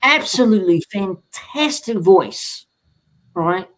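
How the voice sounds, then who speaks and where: A man's voice: high voice, takes it slowly, a little hiss or hum, low-quality recording. Male co-host, hyped promo-style patter, filler-heavy. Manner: excitable, promo-like delivery with many fillers. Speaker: music show co-host. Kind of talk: casual music chat.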